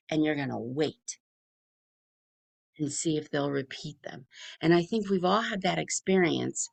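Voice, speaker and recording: A middle-aged woman speaks in a gravelly, fairly low voice. She talks to parents in a chatty, rapid-fire way, as a speech pathologist giving practical advice. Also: darkish tone. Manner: chatty, talks fast with few pauses. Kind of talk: informal presentation to families.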